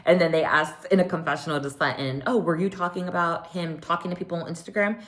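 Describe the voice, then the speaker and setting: A woman with a low voice talks through a reality show episode in a loose, chatty way. She fills her talk with ums and likes, and she gets lively and playful whenever she acts out what the cast said. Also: fast. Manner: gossipy, animated when quoting others, lots of um and like. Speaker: reality TV recap host. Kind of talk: casual chatty recap.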